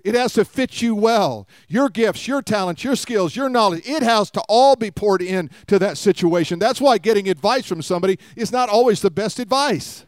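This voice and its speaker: A man's voice: high voice, clear, resonant tone, no echo, clean studio sound. A man preaching a sermon, retelling a story with acted-out quotes and calls for the congregation to respond.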